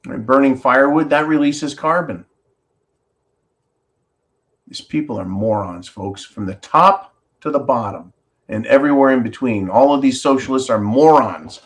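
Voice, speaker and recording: A man's voice: mid-range voice, moderate pace. A man hosting an opinion show, ranting sarcastically and reading viewer comments aloud. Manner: animated, sarcastic ranting with mock-quoted voices. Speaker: host.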